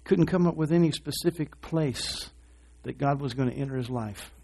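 A man's voice: medium pitch, normal speed, a little mellow, a little hiss or hum. A man preaching a sermon, asking the congregation to respond and acting out short voices. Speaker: pastor.

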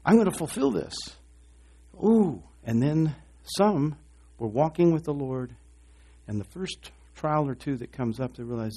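A man preaches to a congregation with a husky, somewhat dark voice. He calls out for responses from the room and slips into short acted voices to make his point. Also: on the high side, measured pace. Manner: animated preaching with call-and-response, acting out voices. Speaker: pastor. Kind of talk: sermon.

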